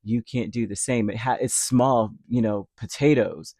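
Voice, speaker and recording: This tarot reader is a man whose warm, steady, mid-pitched voice moves at a moderate pace. His casual reading wanders, is thick with filler words, and slips into little acted-out lines of imagined speech. The sound is clean studio audio with no room echo.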